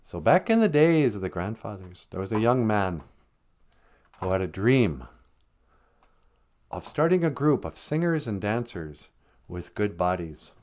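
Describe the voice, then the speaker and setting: A man's voice: on the low side, sing-song, measured pace, pauses often, a little mellow. A man from Minnesota, telling a loose, joking, rambling story on a live stream.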